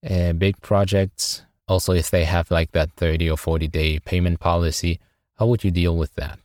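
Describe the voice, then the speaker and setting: Deep-voiced man, non-native English speaker. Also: fairly even intonation, moderate pace, darkish tone, dry recording. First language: not English. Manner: polite, hesitant with fillers. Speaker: caller. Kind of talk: recorded audio question. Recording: dry clean home recording.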